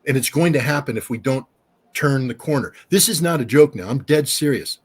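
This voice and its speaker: A husky-voiced middle-aged man speaks with forceful emphasis in a relaxed interview. His voice sits at an ordinary pitch and carries a slightly rough, breathy edge as he drives his points home. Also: brisk. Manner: emphatic, animated storyteller. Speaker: guest, former weapons inspector. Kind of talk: casual interview chat.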